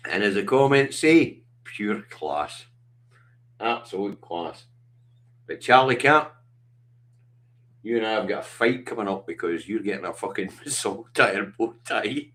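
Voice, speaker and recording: A man's voice: on the low side, animated, unhurried, long pauses, fairly bright tone. A middle-aged Scottish man hosting a livestream, talking bluntly and passionately with lots of swearing. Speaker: livestream host. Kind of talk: casual chat.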